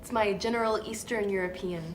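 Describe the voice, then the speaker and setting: A woman's voice: mid-range voice, steady tone, fairly quick, a little hiss or hum, close to an everyday voice. A woman at a rehearsal, flustered and apologetic about her accent. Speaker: actress at a read-through.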